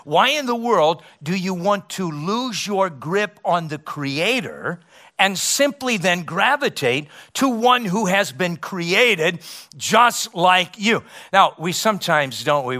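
A middle-aged man preaching a sermon as pastor, emphatic, with rhetorical questions and dramatic pauses. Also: on the high side, sharp tone.

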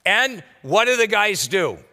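A man's voice: high voice, sing-song, a little slow, sharp tone, long reverb tail. A man preaching a sermon as a pastor, teaching verse by verse in a conversational, folksy way with casual asides. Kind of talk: expository sermon.

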